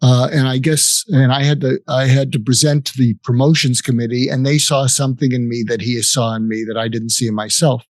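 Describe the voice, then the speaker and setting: An older man, a psychiatrist, recounting a personal story in an interview, reflective and halting with restarts. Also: medium pitch, little pitch movement, no room sound.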